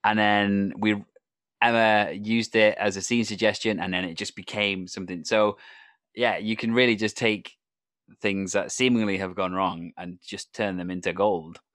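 A man hosting a podcast interview, chatting casually and chuckling often in a relaxed, supportive way. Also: fairly low pitch, moderate pace, dry recording, clean studio sound. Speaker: podcast host.

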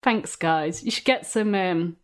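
A woman's voice: on the low side, unhurried. Giggly rambling woman guest. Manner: giggly, rambling, lots of fillers. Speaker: podcast guest, comedian. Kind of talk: casual chat.

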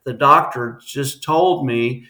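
A man, a guest on an interview podcast, telling a personal story in an earnest, halting way with many restarts. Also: mid-range voice, pushed and bright.

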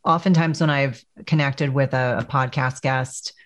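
A middle-aged woman hosting a podcast, talking in a reflective, measured way about her own experience. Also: a bass voice, steady tone. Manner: reflective, measured talk with frequent affirmations. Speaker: podcast host. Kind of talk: podcast interview.

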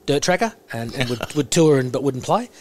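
An Australian man in his forties, a former rugby prop, telling stories in a casual podcast chat. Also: normal speed. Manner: animated anecdote-telling, gets louder and higher imitating others.

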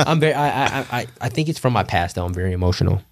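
Young male guest, low-pitched, animated and openly emotional, casual podcast talk on a dry mic. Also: rapid-fire, vocal fry, no echo. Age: young adult. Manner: animated, emotional, swears freely.

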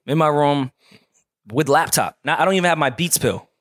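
A man telling a story in casual chat, animated and profane, acting out the people in it. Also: a little high, moderate pace, no echo, clean studio sound.

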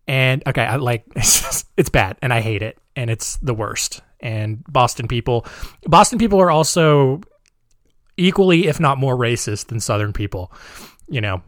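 A man's voice: medium pitch, animated, moderate pace, no echo, studio quality. A man hosting a podcast, talking in a casual, sarcastic, rambling way with joking asides. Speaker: podcast host.

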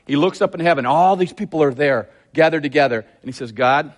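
A man preaching a sermon, retelling a scripture story with lively, acted-out quotes. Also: fairly high pitch, quick pace. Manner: animated, acts out quotes in a raised voice. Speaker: pastor.

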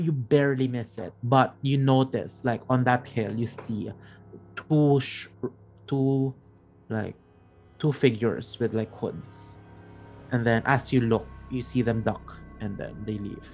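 A man narrating a tabletop game as game master, halting and restarting as he describes the scene. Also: medium pitch, a little mellow, soft background music.

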